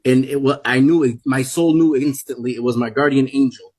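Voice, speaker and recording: A man's voice: medium pitch, brisk, a little mellow. A man in his forties telling an emotional personal testimony, urgent and repetitive, often restarting his sentences. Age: 40s. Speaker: testimony speaker.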